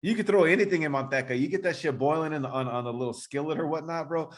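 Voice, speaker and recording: Wisecracking podcast co-host man. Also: a little high. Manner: joking, chiming in with quick wisecracks, says "bro". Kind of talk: casual chat.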